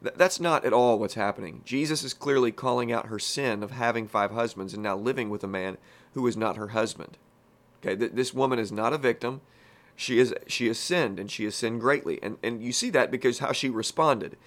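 A man leading a conversational Bible-teaching podcast at a mid-range pitch. He talks in a folksy, plain-spoken way and keeps dropping in casual asides as he walks through the text. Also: fairly quick.

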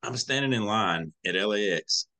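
A man with a Southern country accent talks through his story as a podcast guest. His voice sits low but has a bright, forceful edge. He is folksy and emotional and acts out the people he quotes. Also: expressive, moderate pace. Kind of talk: casual storytelling.

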